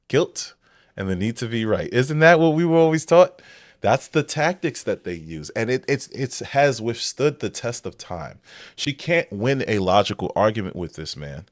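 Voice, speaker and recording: A man talking through a clip in casual commentary, blunt and incredulous. His voice swings widely between low and high in pitch, and the sound is dry with no room to it. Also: dry recording. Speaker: reaction commentator.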